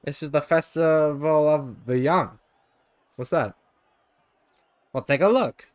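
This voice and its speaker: A tiny green winged mite with a high, squeaky voice chirps along, eager and impatient, as a man puts him on while reading a gamebook aloud. The sound is dry and close. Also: slow, no echo.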